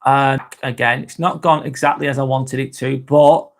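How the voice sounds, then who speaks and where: A man's voice: mid-range voice, fairly even intonation, normal speed. A man hosting a live vlog, answering chat in a rambling, frank way, swearing often and restarting sentences. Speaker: host.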